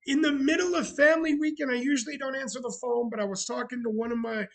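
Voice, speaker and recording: A man's voice: very high voice, fairly even intonation, quick pace, fairly bright tone, low-quality recording. A man chatting casually on a live stream, sarcastic and talkative, greeting viewers as he goes. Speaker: streamer running a bar roleplay channel.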